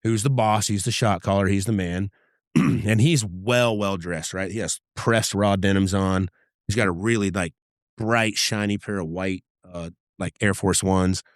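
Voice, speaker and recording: A middle-aged man with a lowish voice recounts his undercover days in a loose, conversational way. He swears freely and slips into the voices of the people in his stories. The recording is close and dry, with almost no room sound. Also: fairly even intonation, measured pace, no echo. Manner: vivid, profane anecdote-telling that acts out dialogue. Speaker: podcast guest, former undercover agent. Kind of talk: casual storytelling interview.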